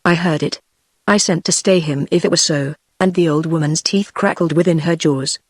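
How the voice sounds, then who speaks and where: A text-to-speech voice of a woman with a British accent, narrating an audiobook in an even, measured way. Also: low-pitched, husky, no room sound, studio quality. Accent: British English. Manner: even, measured synthetic delivery.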